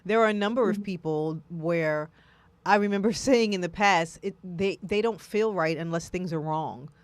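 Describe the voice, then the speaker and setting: A woman talking casually on a talk show, animated and often acting out what she or others would say. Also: lowish voice, moderate pace. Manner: animated, acts out quoted voices.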